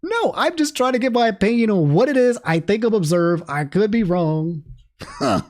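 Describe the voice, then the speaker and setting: A man's voice: sits high, fairly quick. A man livestreaming and talking casually to his chat, rambling with frequent restarts. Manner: rambling, restarts often, animated asides to chat. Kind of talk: casual stream commentary.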